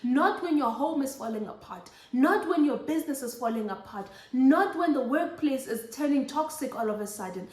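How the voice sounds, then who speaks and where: A woman's voice: high-pitched, lively intonation, moderate pace, hardly any pauses, darkish tone, reverberant. A young woman preaching a Bible lesson to mothers, urging and repeating her points emphatically. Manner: exhorting, repetitive emphatic preaching. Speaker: host of a Christian motherhood show.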